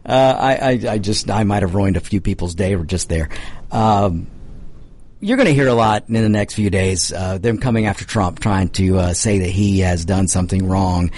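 A man's voice: sits low, moderate pace, darkish tone. A man with a Southern American accent hosting a political talk radio show, talking casually with lots of fillers and restarts. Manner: rambling, many fillers and restarts.

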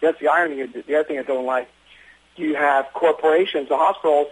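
Fast-talking husky man, an emergency physician. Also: a little high, fairly even intonation, rough recording. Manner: fast, earnest storytelling with many restarts. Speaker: emergency physician running an urgent care. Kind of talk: interview conversation.

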